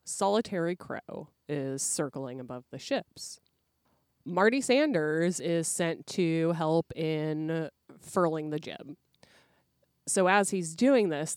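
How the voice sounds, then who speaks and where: A woman's voice: low-pitched, no echo, clean studio sound. A woman podcast co-host telling a folklore tale in a casual, laid-back way. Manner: laid-back, conversational, uses "like" and "dude". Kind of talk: casual storytelling.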